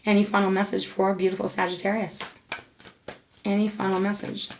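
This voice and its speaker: A woman's voice: mid-range voice, flat delivery, a little fast, slight background noise. Emotional woman giving a tarot reading. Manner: emotional and affectionate, calls viewer "my love"; gushing, repeats words, frequent fillers. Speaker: tarot reader. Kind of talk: direct-to-viewer tarot reading.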